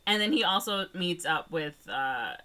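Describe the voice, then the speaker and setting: A woman's voice: on the low side, animated, measured pace, noisy background. A young woman co-hosting a podcast, casually retelling a movie plot with lots of fillers and playful quoted voices. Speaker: podcast co-host. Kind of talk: casual movie recap chat.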